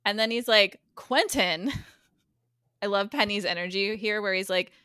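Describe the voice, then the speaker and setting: Chatty woman recapping a show, acts out the lines, bright voice, dry close mic. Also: medium pitch, fairly even intonation, a little slow, clear, resonant tone, no echo. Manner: chatty, acts out characters' lines while retelling. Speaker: guest co-host. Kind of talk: casual podcast recap.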